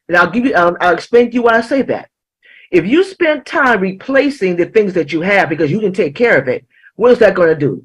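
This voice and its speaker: A woman giving a motivational talk as a life coach, emphatic, repeating key lines slowly. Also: mid-range voice, sing-song, husky, low-quality recording.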